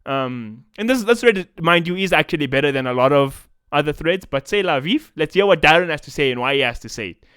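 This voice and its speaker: A young South African man, an esports commentator with a South African accent, rants through a profane, slangy commentary vlog. His voice sits a little high and comes across animated, brisk and slightly bright. The studio-quality recording is smooth with no room sound.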